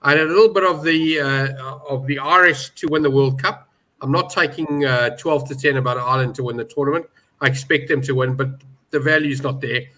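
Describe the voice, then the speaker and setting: Bright-voiced emphatic man. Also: medium pitch, a little fast. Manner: emphatic, indignant about odds, many restarts. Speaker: betting pundit. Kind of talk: animated panel discussion.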